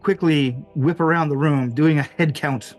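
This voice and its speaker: A man's voice: fairly high pitch, normal speed, faint music behind. Man narrating as game master, chuckling. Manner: lively, chuckling, many fillers.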